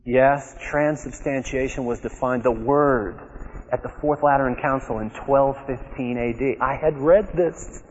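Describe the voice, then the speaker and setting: A man giving a personal testimony talk to an audience, telling his story in a lively way and acting out his own remembered words. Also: medium pitch, a little slow. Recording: dull, echoey hall recording.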